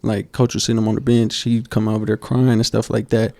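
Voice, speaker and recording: A man co-hosting a basketball podcast, telling coaching stories in a casual, animated way and acting out quotes. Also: lowish voice, quick pace, vocal fry, no echo. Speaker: podcast co-host. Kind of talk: casual storytelling chat.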